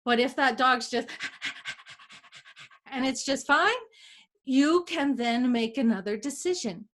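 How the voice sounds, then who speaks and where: A woman's voice: high voice, takes it slowly. A middle-aged woman, a healer, teaching in a casual conversation, acting out inner dialogue as she explains and laughing often. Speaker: energy healer guest.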